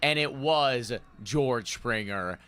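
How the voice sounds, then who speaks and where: A man's voice: medium pitch, takes it slowly, pushed and bright, clean tone. A man co-hosting a casual sports chat, talking earnestly and leaning on stock phrases and fillers. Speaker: co-host.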